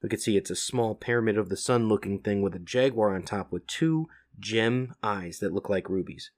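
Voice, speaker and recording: Low-voiced man casually reading a comic. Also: normal speed. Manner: casual, describing panels with fillers. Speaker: comic reader. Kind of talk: reading and describing a comic aloud.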